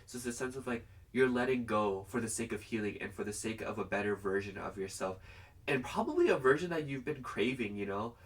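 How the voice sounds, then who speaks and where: Here the young man's voice sits lowish and moves briskly, picked up by a distant mic. Doing a pick-a-card tarot reading for the camera, he keeps things casual and rambling, sprinkling "like" everywhere.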